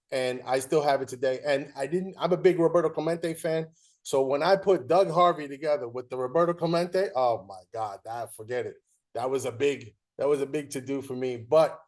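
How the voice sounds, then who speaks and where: A man's voice: medium pitch, darkish tone. Enthusiastic man telling a story. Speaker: show host. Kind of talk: casual interview, storytelling.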